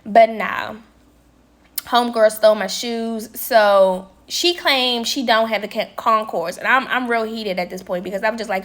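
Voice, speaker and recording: Young adult woman, higher voice, casual storyteller who acts out the quotes. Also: unhurried. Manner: chatty, addresses viewers as y'all, quotes people with lively voices. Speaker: vlogger and nail tech.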